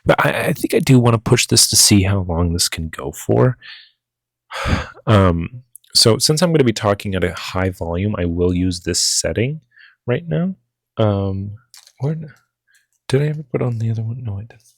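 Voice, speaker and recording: A man's voice: lowish voice, animated, normal speed, no echo. A young man casually rambling through a gear test, full of fillers and restarts. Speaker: vlogger testing a lavalier mic.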